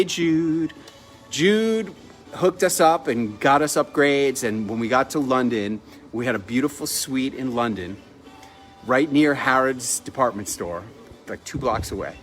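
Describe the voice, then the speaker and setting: A man telling a personal story in a chatty, lively way, laughing now and then. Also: medium pitch. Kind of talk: casual storytelling.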